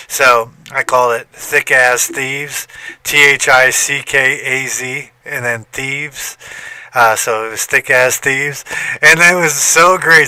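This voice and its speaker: A man's voice: medium pitch, sharp tone, clear, resonant tone, no room sound. A middle-aged man hosting a casual podcast, telling stories animatedly and swearing casually. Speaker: podcast host. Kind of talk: casual chat.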